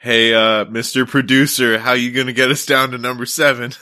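A man co-hosting a comedy podcast, delivering crude jokes in a deadpan way. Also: medium pitch, brisk, no echo, clean studio sound. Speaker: podcast co-host. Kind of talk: casual comedic banter.

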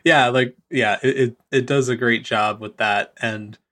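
A man's voice: medium pitch, steady tone, measured pace, a bit bright. A man with a mid-range voice chats casually on a video call. He comes across as enthusiastic and easygoing as he talks about a film. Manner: casual, enthusiastic, self-deprecating. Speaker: podcast panelist.

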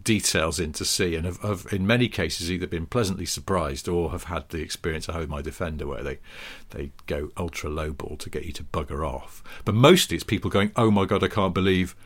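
A very deep-voiced man co-hosting a casual podcast. He rambles and makes fun of himself in an easygoing, chatty way. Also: a little fast, hardly any pauses. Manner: rambling, self-deprecating, chatty. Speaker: podcast co-host. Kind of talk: casual chat.

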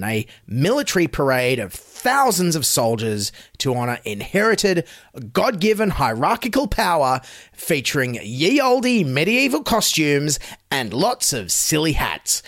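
A man's voice: mid-range voice, sing-song, measured pace, fairly bright tone, dry recording, clean studio sound. A man with an Australian accent giving sarcastic satirical news commentary, mocking and exaggerating his emphasis. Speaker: comedy host.

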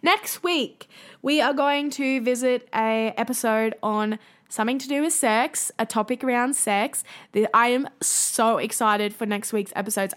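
A young woman hosts a solo podcast into a microphone. She speaks earnestly and encouragingly, with plenty of fillers. Her voice sits a little high. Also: fairly bright tone. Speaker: podcast host.

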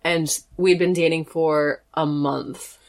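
A woman's voice: low voice, fairly even intonation, slow pace. A young woman in her twenties, a podcast guest telling an anecdote in casual chat, rambling and self-deprecating with giggles. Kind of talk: casual storytelling.

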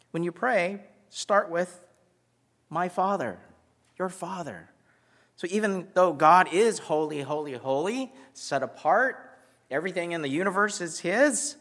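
A man's voice: fairly high pitch, fairly bright tone. A man giving a conversational sermon with self-deprecating humor, from the United States. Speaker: pastor. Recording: reverberant hall.

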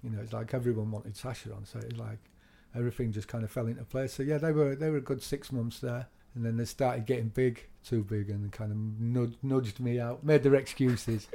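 A middle-aged man, telling animated stories as a DJ guest in a casual interview, laughing often and swearing now and then. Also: mid-range voice, brisk, creaky, hardly any pauses, a little hiss or hum. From England.

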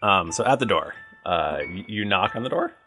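Laid-back guy running the game, kinda low voice, music going behind. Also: expressive, normal speed, bright, forceful tone. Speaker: game master. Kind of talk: narrating a tabletop game.

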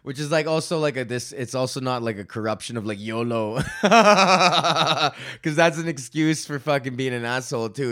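A young man hosting a casual solo podcast, rambling and swearing freely, often laughing, and a bit low on energy. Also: normal speed, a bit bright, dry recording, clean studio sound. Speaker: podcast host. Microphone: studio podcast mic.

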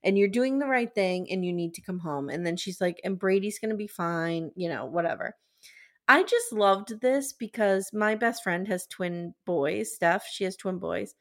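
A woman hosting a casual podcast recap, retelling a TV episode with animated energy. She slips into the characters' lines as she goes. Her voice sits at a middle pitch for a woman. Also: normal speed. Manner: animated retelling, acts out quotes. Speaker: podcast host.

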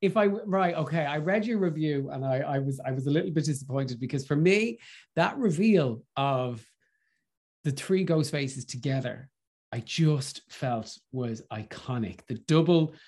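An Irish man, a podcast guest, chatting in an animated, gushing way and stumbling over his words as he gets excited. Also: fairly high pitch, unhurried. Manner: gushing and animated, with lots of restarts. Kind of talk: casual film review chat.

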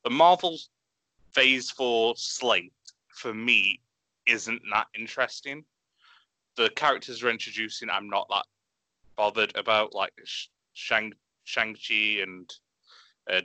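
A man with a bright, forceful voice, talking fast and eagerly. The sound is close and dry, with no room around it. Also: on the low side, no room sound. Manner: excitable, swearing, animated. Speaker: podcast co-host. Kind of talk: enthusiastic casual chat.

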